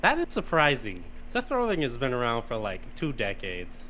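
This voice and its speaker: A man's voice: medium pitch, huge pitch swings, moderate pace, pushed and bright. A man playing a tabletop game, teasing the others and laughing a lot. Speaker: player. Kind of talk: casual chat. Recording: noisy background hiss.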